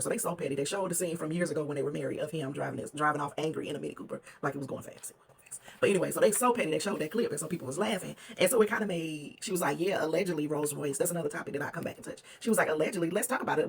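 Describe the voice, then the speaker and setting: A host chatting through a reality TV reunion recap, gossipy and animated, quoting cast members in quick asides. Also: mid-range voice, creaky, breathy edge.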